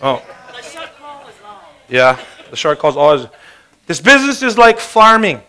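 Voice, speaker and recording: A man giving an energetic, joking motivational sales talk. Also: on the high side, a little slow, clear, resonant tone. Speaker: business presenter.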